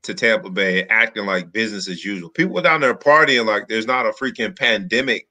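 Middle-aged man from the South, lowish and forceful, emphatic sports talk. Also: lively intonation, a little fast. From American South. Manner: emphatic, opinionated. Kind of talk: casual sports chat.

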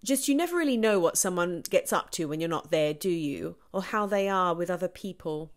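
A woman's voice: fairly low pitch, lively intonation, a little fast, close to an everyday voice. An Australian actress putting on a London English accent to voice a gossiping English woman, with her lips pushed forward. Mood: insinuating. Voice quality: lips pushed forward, sound placed at the front.

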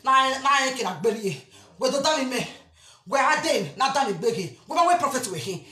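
Loud high Nigerian woman ranting. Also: lively intonation, normal speed, echoey room. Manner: loud, emphatic, bursts into shouting. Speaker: spiritual vlogger. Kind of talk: impassioned rant to camera.

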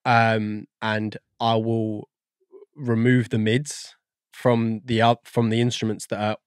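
A man's voice: fairly low pitch, level tone, slow, clear, resonant tone, no echo, clean studio sound. A man, a guest on a podcast, talking in a rambling, casual way and searching for words with lots of fillers. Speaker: guest audio engineer.

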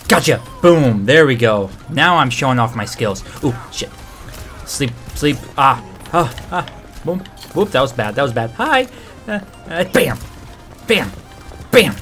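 A man giving excitable let's-play commentary, trash-talking and breaking into shouted outbursts. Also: medium pitch, measured pace, long pauses, faint music behind. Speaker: gamer and video creator.

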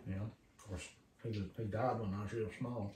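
A man's voice: fairly low pitch, steady tone, normal speed, distant mic. A middle-aged father, talking plainly and briefly at home. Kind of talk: casual family chat. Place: home kitchen. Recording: roomy, off-mic, noisy room.

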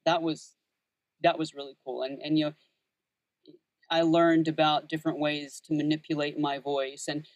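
Soft-spoken man, very dry sound. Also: on the high side, little pitch movement, moderate pace, long pauses, dry recording. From Texas, USA. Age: 30s. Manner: thoughtful, many fillers and restarts. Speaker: voice actor and audiobook narrator. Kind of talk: casual interview chat.

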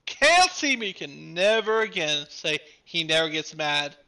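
A man's voice: on the high side, lively intonation, a little slow, bright, forceful tone, smooth, low-quality recording. A laid-back man chatting with friends during an online squad game, often saying "man". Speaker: gamer on a stream. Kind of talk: casual gaming chat.

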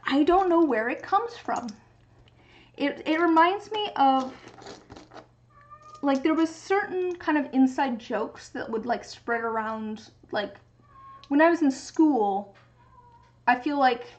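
A young woman with a high, bright-sounding voice chats casually while she crafts on a livestream. She rambles and muses aloud between tasks. The audio is slightly muffled and dull. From United States. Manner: rambling, musing aloud, reading chat.

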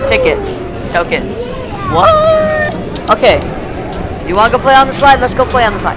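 A man's voice: very high-pitched, wildly swooping pitch, moderate pace, long pauses. A teenage guy vlogging on a handheld camera at a busy kids' pizza and arcade place, joking around in a goofy, exaggerated way. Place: indoor children's pizza and arcade venue. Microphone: handheld camera mic. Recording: loud crowd noise on camera mic. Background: loud crowd chatter and arcade noise.

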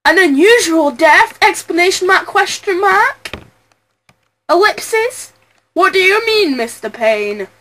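A woman reading as a befuddled elderly judge, high-pitched and bright, drawing his questions out slowly. He reads the punctuation marks aloud as if they were spoken words. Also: animated, exaggerated voice. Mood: puzzled. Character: bumbling elderly male court judge.

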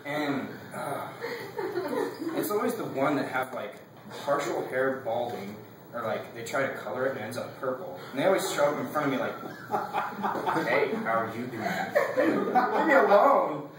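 A man's voice: medium pitch, moderate pace, very echoey, recorded from a distance, background noise. A young man giving a casual class speech. He rambles, fills his talk with "like" and laughs between his points.

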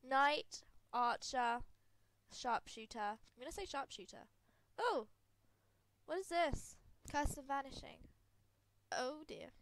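A woman's voice: high-pitched, lively intonation, slow pace, a bit bright. A woman with a cold, congested and sniffly, giving giggly, rambling, self-deprecating commentary over a video game. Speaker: gaming video creator. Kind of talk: casual gameplay commentary.

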